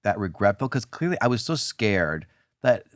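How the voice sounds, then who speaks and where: A middle-aged man with a lowish voice tells a self-deprecating story with lots of swing in his pitch, jumping into the voices of the people in it. The sound is close and dry. He talks as a comedian guest on a chat show. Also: moderate pace, dry recording. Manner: lively storyteller, self-deprecating, acts out quotes. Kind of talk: animated anecdote telling.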